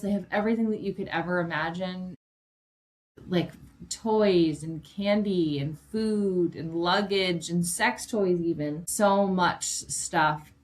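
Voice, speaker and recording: A woman in her forties hosting her own podcast, chatty and emotional, a little jet-lagged, swearing casually as she talks. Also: fairly low pitch. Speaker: podcast host and life coach. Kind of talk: casual solo podcast monologue.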